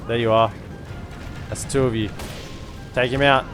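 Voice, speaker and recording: A man's voice: medium pitch, steady tone, measured pace. A man giving casual live commentary on a strategy game, chatty, repeating himself and giving orders to his units. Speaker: game streamer. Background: game music.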